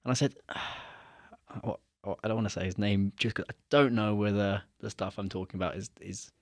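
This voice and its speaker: A young man telling a story in a casual chat, animated and acting out the dialogue he quotes. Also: on the low side, moderate pace, no echo, studio quality. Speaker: podcast guest.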